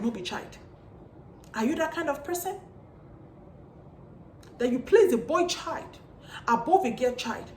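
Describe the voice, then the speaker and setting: A woman's voice: high voice, slight background noise. A woman lecturing parents in a vlog, repeating pointed rhetorical questions. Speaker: parenting vlogger. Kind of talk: preachy monologue to parents. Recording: echoey room.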